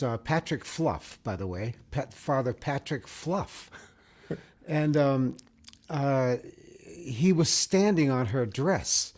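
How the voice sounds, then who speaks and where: A man co-hosting a casual chat show, telling jokes in an animated way and laughing as he goes. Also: medium pitch. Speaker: co-host.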